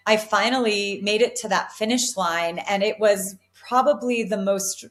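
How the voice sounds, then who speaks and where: A woman's voice: mid-range voice, measured pace. A woman in her forties, an elite distance runner, giving earnest, upbeat answers in an interview, often restarting her sentences. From United States. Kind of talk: reflective interview talk.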